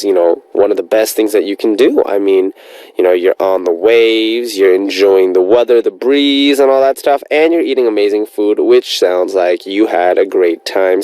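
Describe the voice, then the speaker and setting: A man's voice: fairly low pitch, darkish tone, clean tone, no echo, poor audio. A man hosting a radio show, chatting in an upbeat, rambling way as he reads out listener messages.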